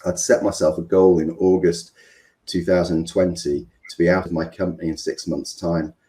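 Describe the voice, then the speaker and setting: A man's voice: deep voice, level tone, moderate pace, warm tone. A middle-aged man with a Mancunian accent, a guest in an interview, talking in a rambling, hesitant way with many ums and restarts. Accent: Mancunian English. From England. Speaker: business coach, guest. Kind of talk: interview conversation.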